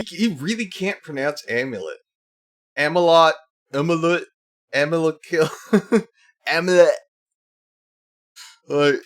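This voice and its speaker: A man's voice: medium pitch, fairly bright tone. A man streaming live, reacting to videos with sarcastic, mocking commentary and frequent laughter.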